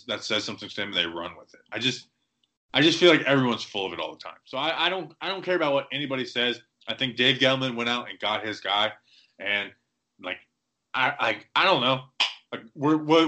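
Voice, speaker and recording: A man's voice: mid-range voice, bright, forceful tone. A man co-hosting a podcast in casual sports chat, rambling with lots of "like" and restarts. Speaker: podcast co-host.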